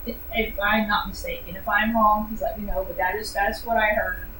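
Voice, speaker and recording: A woman giving a casual book review, animated and sarcastic, with lots of filler words. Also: medium pitch, normal speed. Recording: echoey room, distant mic, faint noise.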